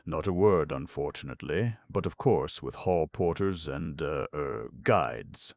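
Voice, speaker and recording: A man's voice: very deep voice, animated, a little slow, gravelly, a little mellow, no room sound, clean studio sound, exaggerated voice. A man voicing a nervous, evasive middle-aged male secretary who stammers and hesitates. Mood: flustered.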